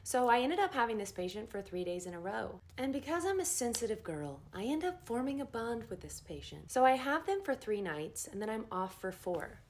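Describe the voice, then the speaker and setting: A woman nurse telling a story in a casual first-person way, animated and acting out the dialogue. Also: brisk, hardly any pauses. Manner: animated, acts out quoted dialogue with big pitch jumps.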